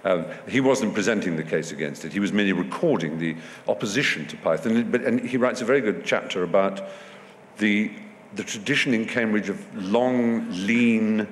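A man with a lowish voice speaks at normal speed as a guest in an onstage festival conversation before an audience. He's discursive and wry, often restarting sentences, and the recording has long hall reverb and faint background noise.

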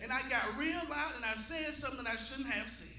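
A man preaching a sermon to a responding congregation, building from storytelling into shouted preaching. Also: very high voice, fairly quick, a crowd in the background. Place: church sanctuary. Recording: echoey church with organ music. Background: congregation call-outs and organ.

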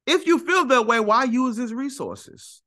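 Animated, argumentative man with a bright voice. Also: very high-pitched, a little slow. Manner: emphatic, argumentative, repeats for stress. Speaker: YouTube teacher. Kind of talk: animated teaching monologue.

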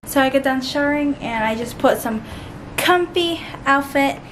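A young woman in her twenties talks to camera in a bubbly, chatty vlog style. Her voice sits a little high. A faint hiss of background noise runs under it. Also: moderate pace. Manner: bubbly and chatty, many fillers. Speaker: lifestyle vlogger. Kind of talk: casual vlog chat to camera.

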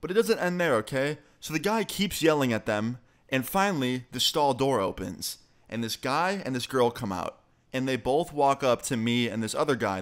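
Casual, swearing storytelling man. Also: medium pitch. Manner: casual, profane, conversational storytelling. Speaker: vlogger. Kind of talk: storytime vlog.

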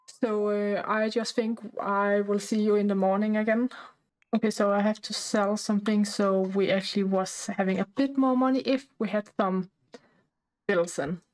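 A woman talking casually over life-sim gameplay, halting and chatty with many fillers and restarts, often out of breath. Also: mid-range voice, steady tone, darkish tone, poor audio. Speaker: gameplay narrator.

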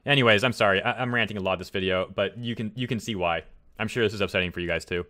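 A man's voice: lowish voice, fast talker, sharp tone. A man hosting a commentary vlog, ranting heatedly and repeating his points for emphasis. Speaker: commentary channel host.

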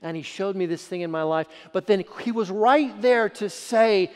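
A middle-aged man preaching a sermon as a pastor, telling a story and acting out the voices of the people in it, swinging between loud and hushed. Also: high-pitched, moderate pace, few pauses. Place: church sanctuary. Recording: long hall reverb.

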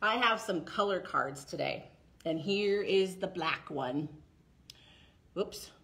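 A woman leading a toddler story time, talking slowly and brightly to small children, with songs and finger plays. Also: lowish voice. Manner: slow, sing-song and animated, talking to small children. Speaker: children's librarian.

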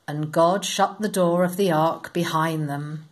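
A woman reading a Bible story aloud to children, in a slow, expressive, sing-song storytelling manner. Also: fairly low pitch.

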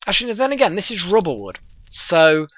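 A man casually commenting on his own gameplay, thinking aloud in a chatty, excitable way. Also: high voice, fairly quick, dry recording. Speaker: let's play host.

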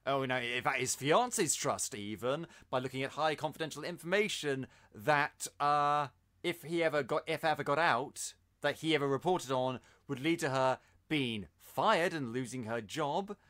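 A man hosting a podcast, reviewing a film in casual chat, exasperated and ranting with quick asides. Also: medium pitch, fairly bright tone. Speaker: podcast host.

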